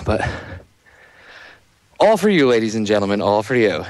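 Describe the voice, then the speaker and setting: A man's voice: lowish voice, sing-song, normal speed, pauses often, no echo. A man hosting a live talk radio show, chatting loosely and addressing the listeners directly. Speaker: radio host.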